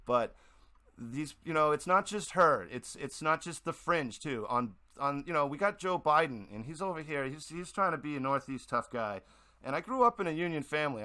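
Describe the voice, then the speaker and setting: A man's voice: mid-range voice, bright, forceful tone. A man from the Boston area hosting a radio show, talking in a rambling, heated monologue with many restarts. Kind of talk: casual opinion monologue.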